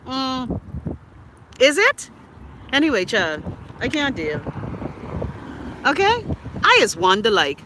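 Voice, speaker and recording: A Bahamian woman hosting a casual live stream on her phone, reading viewer comments in a blunt, profane, exasperated way with sharp swings in pitch. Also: slight background noise. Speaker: live stream show host.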